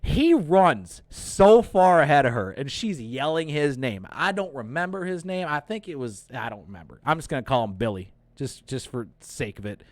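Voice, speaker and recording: A young man hosting a casual movie review, retelling the plot excitedly, cursing and acting out lines. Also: fairly high pitch, moderate pace, few pauses, no echo. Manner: excited, profane retelling with acted-out quotes. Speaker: host.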